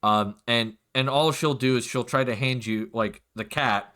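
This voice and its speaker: A man's voice: mid-range voice, unhurried, bright, forceful tone. A man narrating casually as game master of a tabletop game, with many fillers.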